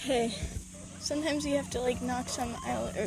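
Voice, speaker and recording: A woman's voice: high-pitched, a little fast, heavy background noise. A young woman vlogging outdoors at a chicken coop, talking to the camera she holds and coaxing her hens in a chatty, sing-song way. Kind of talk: casual vlog narration. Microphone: handheld camera.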